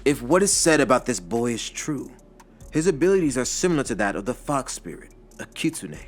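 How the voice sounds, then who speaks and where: A man voicing a kindly old uncle who is a wise general, speaking in a gentle, measured, drawn-out way. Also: medium pitch, sing-song, faint music behind, pitched above the performer's own voice, natural voice.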